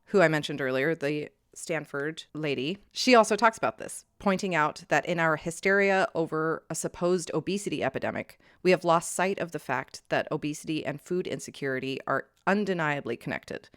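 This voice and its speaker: A woman with a lowish voice presents her research on a podcast, reading steadily from notes. She breaks into sharp outrage at the injustices she describes. The sound is dry and close. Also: fairly quick, few pauses, dry recording. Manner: reads prepared notes, flares into heated outrage. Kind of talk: scripted history podcast with casual banter.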